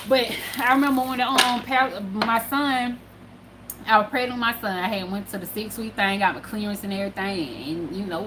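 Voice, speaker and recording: Animated, profane woman telling a story. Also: a little high, moderate pace, background noise. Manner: animated and profane, swinging between hushed and loud. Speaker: spiritual channel host. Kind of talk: casual storytelling monologue.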